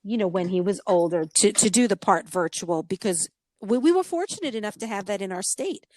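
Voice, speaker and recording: Woman, middle-aged, podcast host, lively storyteller, dry close sound. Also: mid-range voice, brisk, dry recording. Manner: animated storyteller, acts out quoted voices. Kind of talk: casual chat.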